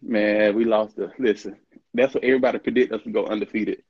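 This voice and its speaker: A middle-aged man, a former college football player, appears as an interview guest telling casual stories, acting out quoted dialogue and laughing often. His lowish, husky voice stays fairly even in intonation and moves at a quick pace. The recording has no echo but sounds muffled.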